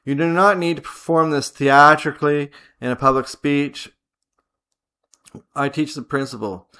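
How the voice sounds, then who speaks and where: A man teaching a guided visualization, giving slow, measured commands and repeating short phrases like a chant. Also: on the high side, fairly even intonation, pushed and bright, smooth. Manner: slow, repetitive, chant-like incantations. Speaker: spiritual teacher.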